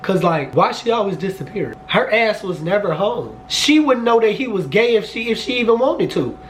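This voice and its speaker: A young man in his twenties, voice a touch higher than most, spins a storytime vlog in a lively, cursing rush. His delivery keeps jumping up into high, excited outbursts. A faint hum sits under the recording. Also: moderate pace. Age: 20s. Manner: animated, profane, jumps to high excited outbursts. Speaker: vlogger.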